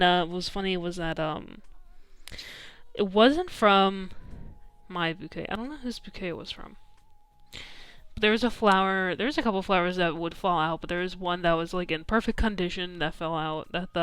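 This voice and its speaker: A woman's voice: fairly low pitch, moderate pace, a bit bright, clear, resonant tone, dry recording. A young adult woman streamer telling a story in casual chat, full of "like" and "um" and frequent laughter. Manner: chatty, peppered with "like" and "um", laughing often.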